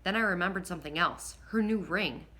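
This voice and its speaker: A woman narrating a first-person audiobook in a lively, expressive way, now and then slipping and rereading a line. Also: lowish voice, fairly quick. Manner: lively, expressive reading with occasional slips and rereads.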